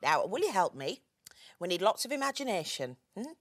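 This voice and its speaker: A woman's voice: medium pitch, very animated, a little fast, natural voice. A woman playing a cheerful grandma who tells stories to her grandchildren in a children's TV show. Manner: cheerful, sing-song. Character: warm old grandma, storyteller. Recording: music playing behind.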